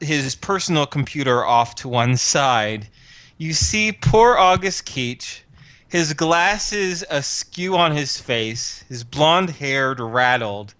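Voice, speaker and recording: A man's voice: medium pitch, bright, forceful tone, clean tone, no room sound. A man running a tabletop role-playing game, narrating casually with frequent fillers and chuckles. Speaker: game master.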